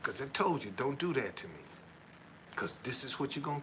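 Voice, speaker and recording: A man's voice: medium pitch, sing-song, brisk, pushed and bright, slight background noise, rough recording. A middle-aged man chatting casually on a livestream, rambling and repeating himself, tagging his lines with "man" and earnestly preaching about honesty. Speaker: tour guide and former van driver.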